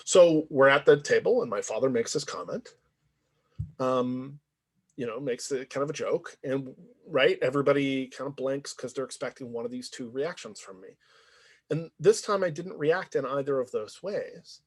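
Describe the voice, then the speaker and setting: A man's voice: medium pitch, moderate pace, breathy edge. A man lecturing in a conversational, reflective way, often checking in with "right?". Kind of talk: university lecture.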